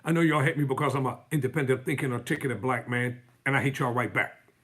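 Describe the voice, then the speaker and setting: A man's voice: mid-range voice, fairly even intonation, fast talker, a bit bright, husky. A man hosting a live stream, reading news articles aloud and breaking off into fiery, sarcastic commentary.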